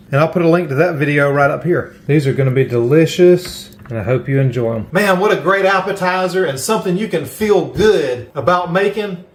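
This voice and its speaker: A middle-aged man with a Southern American accent, demonstrating a recipe as the host of a cooking channel in a folksy, chatty way. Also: on the high side.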